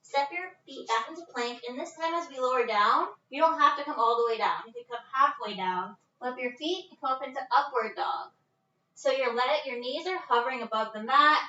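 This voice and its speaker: A woman's voice: sits high, sharp tone, echoey room, far from the mic. Casual yoga teacher, woman, out of breath, dull lo-fi phone sound in her living room. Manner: casual, chatty, breaks into laughs. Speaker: yoga instructor. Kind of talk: live-streamed yoga class instruction. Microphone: phone set at a distance.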